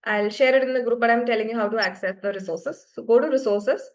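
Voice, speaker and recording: A woman's voice: a little high, quick pace. A woman teaching French to beginners in an online class, explaining patiently and often checking that students follow.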